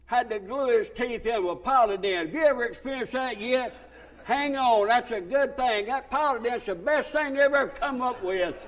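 A man preaching a sermon, folksy storytelling that swells into fervent, raised passages. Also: sits high.

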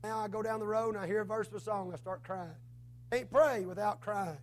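Preacher, male, drawl, strained hoarse voice, very high register, fervent sermon delivery. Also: fairly even intonation, fairly quick, slight background noise. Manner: fervent, rising to shouts then dropping low.

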